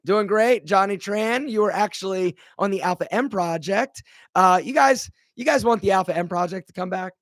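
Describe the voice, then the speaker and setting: A man with a high, bright voice hosts a casual live question-and-answer stream. He chats and rambles, calling out viewers by name. The sound is dry and close to the mic. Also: normal speed, no room sound. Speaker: live stream host, brand founder.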